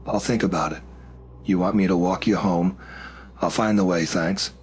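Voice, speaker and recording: A man's voice: low-pitched, fairly even intonation, normal speed, slight background noise, natural voice. A man voicing a wary, teasing nineteen-year-old woman in a storybook tale. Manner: sly, pointed replies.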